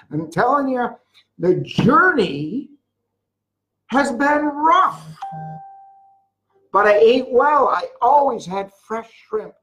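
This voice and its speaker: An older speaker giving a motivational sales talk about a jewelry business, telling rambling stories with sudden loud bursts. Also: mid-range voice, poor audio. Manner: mocks whiners in a put-on voice.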